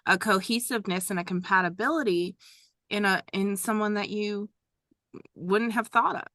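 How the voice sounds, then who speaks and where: Woman podcast host, bright voice, dry close sound, affirming and thoughtful. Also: mid-range voice, normal speed, dry recording. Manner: affirming, thoughtful, builds points with restarts. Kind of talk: conversational podcast interview.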